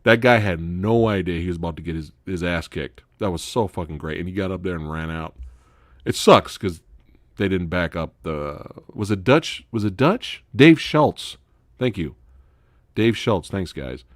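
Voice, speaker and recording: A man's voice: deep voice, moderate pace, no room sound, studio quality. A man hosting a casual live stream, telling stories with lots of swearing and laughter. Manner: profane, animated storytelling with frequent laughter. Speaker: host.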